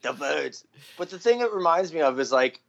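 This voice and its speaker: A man's voice: a little high, expressive, fast. A man born in Philadelphia and raised in New Jersey, hosting a podcast with blunt, crude talk and heavy swearing. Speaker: podcast host. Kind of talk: casual podcast chat. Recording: slightly dull lo-fi sound.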